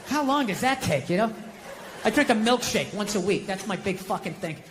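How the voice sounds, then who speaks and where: A middle-aged man performing a stand-up comedy routine, sarcastic and profane, animated as he slips in and out of quoted voices. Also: high-pitched, normal speed, pauses often, in a large hall. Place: comedy stage before an audience. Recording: noisy live comedy stage with crowd.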